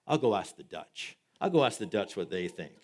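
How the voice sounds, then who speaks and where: A man's voice: on the low side, big pitch swings, moderate pace, a little mellow. A man playing Moses, patient prophet. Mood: offering. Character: Moses, patient old male prophet offering commandments.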